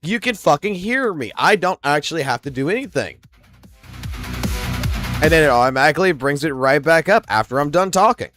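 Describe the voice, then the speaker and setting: A man live-streams a game over music, chatting loosely with viewers in a slightly high, slightly fast voice. He's casual, excitable and swears often, heard through a studio mic routed through a mixing station.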